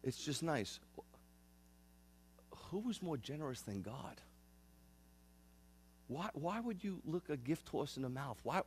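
A man's voice: on the high side, breathy edge. Earnest rabbi in his fifties. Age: 50s. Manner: earnest, repeats and restarts phrases. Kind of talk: conversational sermon.

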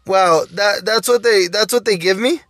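A man's voice: sits high, normal speed, fairly bright tone, dry recording, faint music behind. A male YouTuber giving gameplay commentary while opening loot boxes, pleading for luck and calling out to his viewers again and again. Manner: pleading, keeps saying "guys" and "oh my dude". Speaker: mobile gaming YouTuber.

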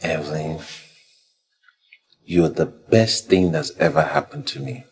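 An actor playing a smooth-talking young man with a Nigerian accent, coaxing and sugary. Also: deep voice, very animated, a little slow, darkish tone, heavily acted. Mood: tender. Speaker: lover off to London.

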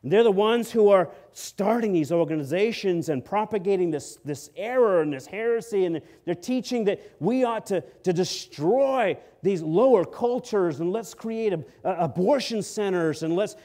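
A man's voice: high voice, lively intonation, moderate pace, few pauses. Man preaching an emphatic sermon. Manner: emphatic preaching that swings between soft and loud; acts out quotes from the story. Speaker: pastor.

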